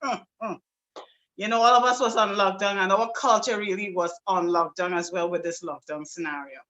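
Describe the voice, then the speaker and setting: Trinidadian woman guest, bright and earnest, talking at length on a video call. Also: mid-range voice, fairly even intonation, normal speed, lo-fi sound. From South Trinidad. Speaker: singer-songwriter and presenter. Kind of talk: guest speaking on an online show.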